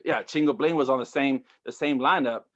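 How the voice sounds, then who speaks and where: A man's voice: medium pitch, fairly quick, lo-fi sound. A man, a stand-up comedian, telling his story in a loose, rambling interview chat full of fillers. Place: Houston area.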